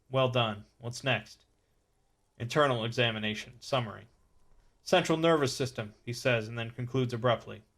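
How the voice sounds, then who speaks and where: Man reading game text aloud. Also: medium pitch. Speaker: let's play narrator.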